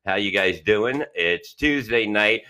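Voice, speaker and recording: A man's voice: on the low side, animated, slow pace, sharp tone. A man hosting a live podcast, rambling through crude, profane banter with lots of restarts. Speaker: podcast host. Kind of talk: casual live podcast chat.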